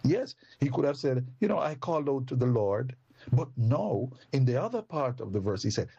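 A man preaching a sermon slowly and deliberately, his pitch sweeping up and down as he addresses the congregation. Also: vocal fry, a little mellow, husky, no room sound.

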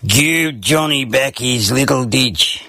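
A man voicing a stern father with an Australian accent who speaks in a slow, firm bellow. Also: mid-range voice, vocal fry, pushed and bright, no echo, studio quality, exaggerated voice.

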